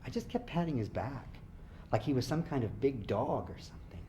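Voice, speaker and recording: Man reading as a grieving young guy, halting speech, lively intonation. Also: mid-range voice, slight background noise. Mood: subdued. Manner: halting, conversational, swearing. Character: young man, grieving, impulsive, has just enlisted.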